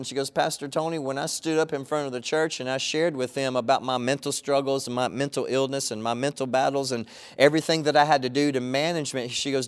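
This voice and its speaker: Earnest preaching man, slightly high voice. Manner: earnest, repetitive preaching cadence with slow emphatic pauses. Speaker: pastor. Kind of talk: sermon. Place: church online broadcast.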